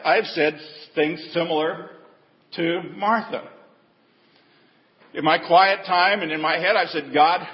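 A male pastor preaching a sermon in a conversational storytelling manner, animated, with asides and rhetorical questions. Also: a little high. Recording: dull echoey hall recording.

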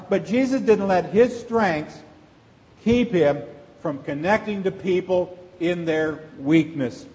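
A pastor with a high-pitched male voice delivers a sermon in a church sanctuary, preaching conversationally and posing rhetorical questions. The long reverb of a large church hall fills the recording.

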